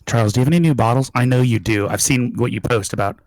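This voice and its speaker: A man's voice: mid-range voice, a little mellow, no echo. A man in his thirties hosting a casual whiskey live stream, joking and teasing his co-host. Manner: joking, teasing, talks fast in bursts.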